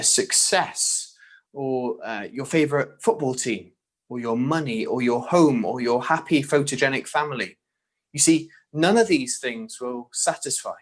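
A man preaching a sermon, earnest and direct, often posing rhetorical questions to his listeners. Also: mid-range voice.

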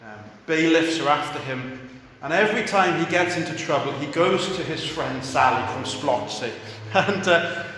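Guy preaching, tells a story, slightly high voice, big echoey church hall. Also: moderate pace, hardly any pauses, a little hiss or hum. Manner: storytelling, acts out quoted voices softly. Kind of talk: sermon with a story.

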